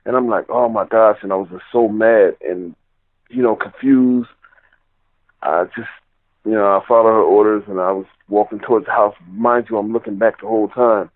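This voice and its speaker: A man's voice: on the low side, steady tone, moderate pace, dry recording. A man telling a personal story in a rambling, casual way, full of "you know" and "like". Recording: tinny phone line.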